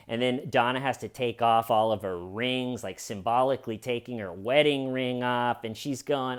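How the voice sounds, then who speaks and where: Male commentator with a mid-pitched voice, sarcastic and animated, doing comic true crime commentary. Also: normal speed, clean tone.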